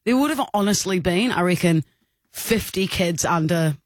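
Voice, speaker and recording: A woman's voice: on the low side, animated, moderate pace, dry recording. An Australian woman in her thirties chats on air as a radio co-host. She tells stories in a rambling, giggly way. Her close studio mic sounds dry. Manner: chatty storyteller, giggly. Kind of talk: casual radio banter. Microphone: studio microphone.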